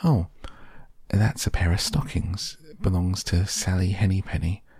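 A man's voice: low voice, fairly even intonation, normal speed, a little mellow. A man voicing a small, stout hedgehog washerwoman who answers with anxious, bobbing politeness. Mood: fussing politely. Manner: bobbing polite, "if you please, 'm".

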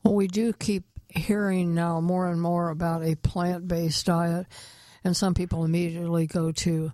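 A woman's voice: lowish voice, level tone, mellow, no room sound. A woman interviewing a guest, with hesitant phrasing and fillers. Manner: hesitant, filling pauses with um and uh. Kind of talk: conversational interview.

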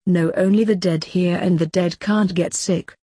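A woman's voice: fairly low pitch, steady tone, moderate pace, warm tone, slightly rough, no room sound, studio quality. A woman voicing a grumpy, ancient male doctor who grumbles wearily. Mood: grumbling. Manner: grumbling and weary.

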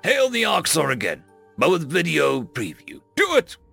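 A man acting out a hot-tempered human leader in an audiobook, gruff and commanding, barking orders in a raised, lively voice. Faint music sits under the scene. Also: a little high, normal speed, voice pushed up, heavily acted.

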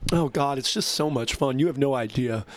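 A man's voice: medium pitch, moderate pace, no room sound. A man hosting a casual radio show, rambling between songs, gleeful and profane, laughing often.

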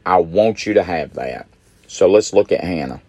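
A man's voice: low-pitched, animated, moderate pace, warm tone, slightly rough, no room sound. A middle-aged man preaching a midweek sermon, emphatic and repeating phrases for stress.

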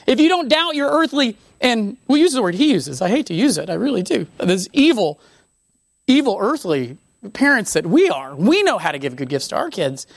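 Animated woman preaching in a conversational way. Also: on the high side, normal speed, no echo, studio quality. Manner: animated, conversational, with many restarts and self-interruptions. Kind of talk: sermon teaching on scripture.

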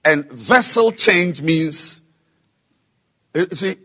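A man preaching a sermon, slow and emphatic, repeating key words and building to loud exhortation. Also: high voice, highs cut off. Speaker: pastor.

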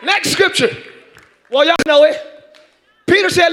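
A man's voice: very high-pitched, a little slow. A man preaching a sermon as pastor, calling out to his congregation and pushing them to answer back. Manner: shouting preacher, call-and-response with congregation.

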